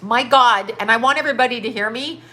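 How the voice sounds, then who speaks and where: A woman's voice: on the high side, sharp tone. Emphatic woman in her fifties ranting. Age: 50s. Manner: emphatic, profane, rapid-fire rhetorical questions. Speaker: livestream host. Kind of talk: impassioned livestream rant.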